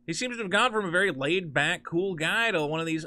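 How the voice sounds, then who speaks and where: A man's voice: high voice, fairly quick, pushed and bright. A man hosting a commentary channel, ranting sarcastically and mocking the people he quotes. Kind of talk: ranting commentary with screen share.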